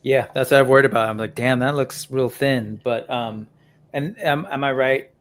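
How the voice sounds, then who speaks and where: A man's voice: mid-range voice, steady tone, moderate pace. A man on a live stream asking hesitant questions in casual chat.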